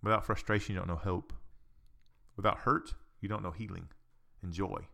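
A man's voice: sits low, fairly even intonation, moderate pace, creaky, pushed and bright. A man who is a counselor and podcast host, speaking in a casual, earnest, reflective monologue that mixes psychology and faith.

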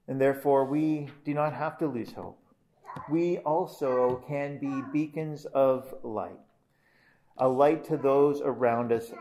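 A man who is a pastor, delivering a funeral eulogy in an earnest, measured way, often restarting phrases and letting line ends fall soft. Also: mid-range voice.

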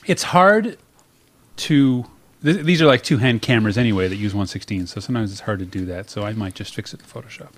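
A man co-hosting a casual chat, telling stories in an animated, rambling way. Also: lowish voice, a little fast. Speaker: podcast co-host.

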